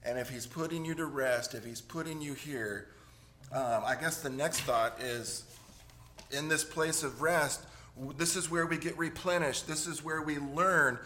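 A man's voice: a little high, a little slow, pushed and bright. Conversational man preaching a sermon. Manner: conversational, joking asides, repeats words. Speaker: pastor. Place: church sanctuary.

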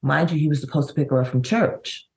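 A middle-aged woman, a bereaved mother, telling her story in an interview, with halting, vivid recounting and many restarts. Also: sits low, steady tone, gravelly, darkish tone. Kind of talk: emotional personal storytelling.

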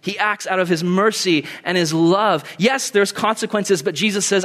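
A young man preaching a sermon in an animated way, acting out quoted voices and laughing easily. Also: high voice, normal speed, hardly any pauses. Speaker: pastor.

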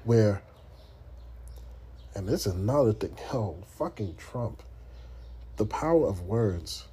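A man's voice: fairly low pitch, expressive, slow, warm tone, slightly rough. A man from the United States hosting a podcast, talking in a blunt, profane, casual monologue full of restarts. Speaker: podcast host.

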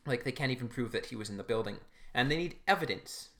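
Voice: mid-range voice, lively intonation, fast talker, a bit bright. A podcast co-host recapping an episode in casual chat, laughing and quoting the characters. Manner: chatty, laughing, quotes characters.

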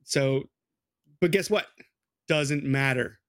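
A man's voice: mid-range voice, slow pace, a bit bright, no echo, clean studio sound. A man co-hosting a podcast, telling a true crime story in a loose, rambling, casual way. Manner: loose, rambling, with lots of "like" and "dude".

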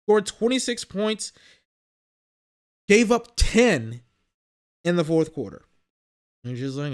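A man's voice: high voice, big pitch swings, slow pace, pauses often. A young man hosting a sports podcast, talking in a casual, blunt monologue with exasperated, slangy rants. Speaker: podcast host.

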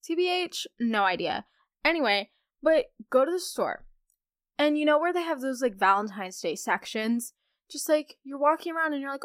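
A woman's voice: high-pitched, animated, normal speed, no echo, clean studio sound. A young woman from the United States hosting a podcast in casual chat, bubbly and chatty with lots of filler. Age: young adult. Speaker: podcast host.

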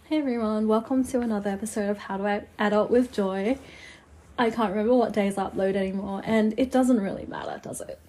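A young woman hosting a casual podcast, chatty and rambling, her voice hoarse and nasal from a cold. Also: medium pitch, fairly even intonation, quick pace, music in the background. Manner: chatty, rambling, laughs often. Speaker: podcast host.

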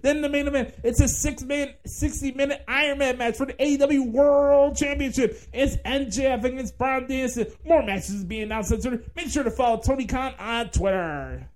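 A man putting on the voice of a hyped-up, salesy wrestling show announcer with a loud, punchy promo delivery. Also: very high voice, normal speed, hardly any pauses, pitched above the performer's own voice.

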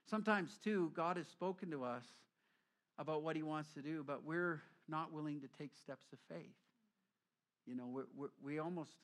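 A middle-aged man preaching a sermon as a pastor, telling stories lively and acting out quoted voices. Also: on the high side.

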